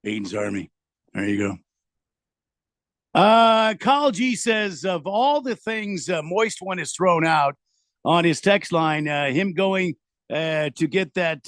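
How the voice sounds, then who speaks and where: A man's voice: fairly high pitch, animated, a little slow, a bit bright, dry recording. A man hosting a sports radio show, rambling and joking in a self-deprecating way, reading listener texts. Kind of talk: casual radio banter. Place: radio studio. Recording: dry studio sound.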